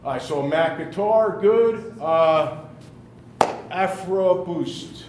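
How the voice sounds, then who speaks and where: A man leading a classroom workshop, running an upbeat, brisk roll call of teams. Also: sits high, background noise. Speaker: workshop leader. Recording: echoey room from far off.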